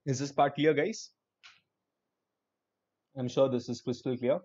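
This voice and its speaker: A man's voice: mid-range voice, fairly even intonation, measured pace, darkish tone, muffled recording. A young male online English teacher with an Indian English accent, teaching a live class in an upbeat, encouraging way and slipping into Hindi.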